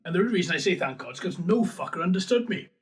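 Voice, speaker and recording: A man's voice: high-pitched, lively intonation, fast. A man with a Swansea Welsh accent hosting a casual podcast chat. He banters, laughs easily and swears freely. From Wales. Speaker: podcast host.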